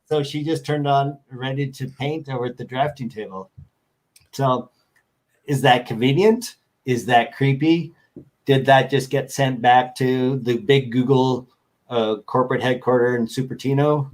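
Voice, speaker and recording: A man's voice: mid-range voice, measured pace, darkish tone. A man chatting as a guest on a show, rambling and joking as he tells stories over a video call. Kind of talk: casual chat.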